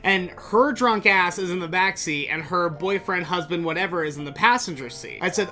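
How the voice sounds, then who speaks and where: A man hosting a podcast, telling a story in an animated, exasperated way and swearing freely. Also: high voice, moderate pace, hardly any pauses, soft background music. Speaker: podcast host. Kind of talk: casual storytelling monologue.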